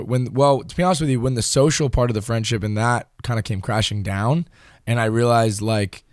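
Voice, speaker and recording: A young man co-hosts a laid-back faith podcast, an animated storyteller who keeps restarting his sentences in casual chat. His voice sits fairly low, captured in a dry, studio-quality recording.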